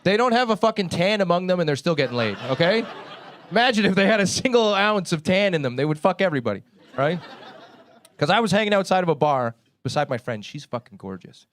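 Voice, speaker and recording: A man's voice: high voice, sing-song, quick pace, fairly bright tone, a little hiss or hum. A young Canadian man with a Canadian accent, performing a profane stand-up comedy set on a club stage. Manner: brash, profane, laughing at own jokes.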